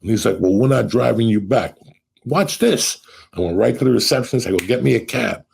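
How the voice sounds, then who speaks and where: A middle-aged podcast host with a lowish, gravelly, husky voice tells stories fast in a casual chat. He's profane and animated, acting out what people said.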